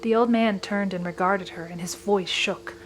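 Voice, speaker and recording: A woman narrating a dark story aloud with measured, expressive reading. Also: medium pitch, a little hiss or hum, rough recording.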